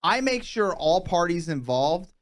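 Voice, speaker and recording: A man as an improv interviewee, answering in a deadpan, bluffing salesman manner. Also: sits high, a little slow. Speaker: mock job interviewee. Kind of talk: improv comedy.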